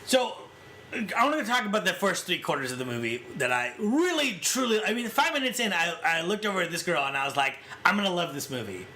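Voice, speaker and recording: Guy on a movie podcast, high bright voice, really animated, keeps acting out scenes. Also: brisk, a little hiss or hum. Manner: animated, acts out scenes in quotes. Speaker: podcast co-host. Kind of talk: casual film discussion.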